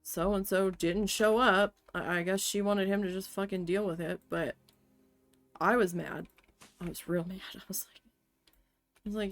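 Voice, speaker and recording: A woman streamer chats casually as she plays, retelling a work story with blunt, salty language. Her voice sits at an ordinary middle pitch, and faint music hums under her talk. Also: moderate pace, pauses often. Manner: blunt, swears often, animated retelling. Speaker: game streamer. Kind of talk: casual storytelling while playing a game.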